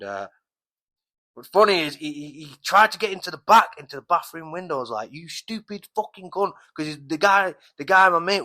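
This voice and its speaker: A man's voice: a little high, pushed and bright. A man hosting a podcast, telling a rambling story in a casual monologue with heavy swearing, lots of fillers and restarts. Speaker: podcast host.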